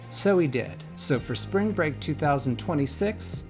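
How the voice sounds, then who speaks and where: A man's voice: mid-range voice, expressive, moderate pace, hardly any pauses, music in the background. A man, a father from the United States, narrating his family's travel vlog in scripted voice-over with dry, wry humor.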